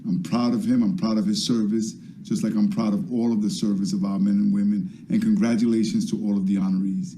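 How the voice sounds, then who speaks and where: Man with a deep, warm, dark tone; earnest patriotic address over a video call. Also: little pitch movement, brisk, few pauses, a little hiss or hum, low-quality recording. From the Bronx, New York. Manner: earnest, patriotic, with fillers and restarts. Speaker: borough president. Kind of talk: speech to a virtual event.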